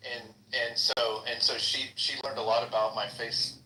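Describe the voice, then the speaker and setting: A man's voice: mid-range voice, little pitch movement, moderate pace, bright, forceful tone, roomy sound, recorded from a distance, slight background noise, low-quality recording. A man telling a rambling story in casual chat, swearing as he goes. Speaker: guest speaker. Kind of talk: casual chat in a live audio room.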